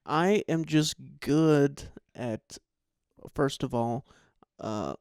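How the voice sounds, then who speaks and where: A young man co-hosting a podcast with his mother, calm and playfully argumentative in casual chat, laughing often. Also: medium pitch, extremely slow, clean tone, dry recording, clean studio sound. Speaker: podcast co-host.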